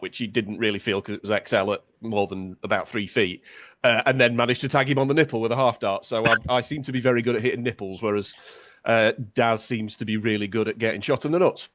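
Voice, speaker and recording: A man's voice: mid-range voice, fairly bright tone, dry recording. A man from England, a guest on a casual chat, talking with dry humour. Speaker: podcast guest.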